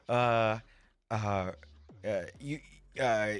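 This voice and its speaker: A man streaming a game live, rambling excitedly, laughing and swearing as he reacts to chat. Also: on the high side, takes it slowly, clean tone, no echo.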